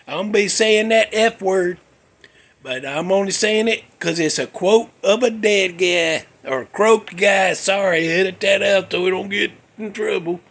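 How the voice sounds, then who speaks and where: A man talks in a loose, rambling monologue, tossing in folksy jokes and asides. His voice sits high for a man. He speaks like a podcast host chatting to his regular listeners. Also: unhurried, a bit bright. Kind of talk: casual monologue. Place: cold room with a space heater.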